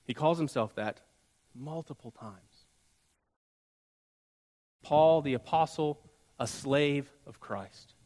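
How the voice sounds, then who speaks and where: Male pastor, sermon storytelling, pauses and hushed drops, long church reverb. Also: on the high side.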